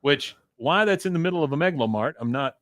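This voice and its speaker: A man's voice: a little high, lively intonation, fast talker, a bit bright, no echo. Dry-voiced man recapping a cartoon. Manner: retells scenes, quoting characters in a loose voice. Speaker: podcast co-host. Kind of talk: casual recap of a cartoon episode.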